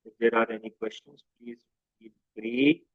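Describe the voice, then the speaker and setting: A man's voice: mid-range voice, steady tone, moderate pace, slightly rough, no room sound. A man teaching a literature lesson, mixing Hindi and English and answering his own questions. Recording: dry, tinny phone-like audio.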